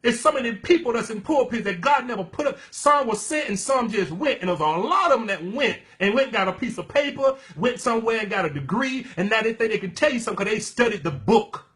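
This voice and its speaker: A man preaching and teaching in an emphatic, fervent way, calling listeners "baby" and breaking into loud exclamations. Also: sits high, animated, fast talker, few pauses. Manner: bursts of laughter and loud exclamations. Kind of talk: sermon-style teaching.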